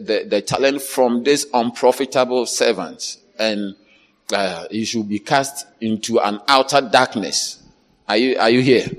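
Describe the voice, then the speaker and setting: A man preaching a sermon who halts and repeats words and checks that his listeners follow. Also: medium pitch. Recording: long hall reverb.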